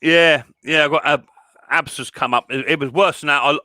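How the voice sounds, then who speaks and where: Bright-voiced chatty man. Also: fairly high pitch, moderate pace, dry recording. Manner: chatty, rambling, full of fillers and restarts. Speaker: livestream host and mower repairer. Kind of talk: casual livestream chat.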